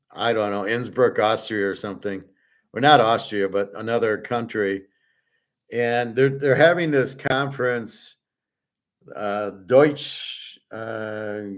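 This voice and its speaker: A middle-aged man hosting a show, talking casually in a blunt, profane and exasperated way. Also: medium pitch. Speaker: host. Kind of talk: casual ranting commentary.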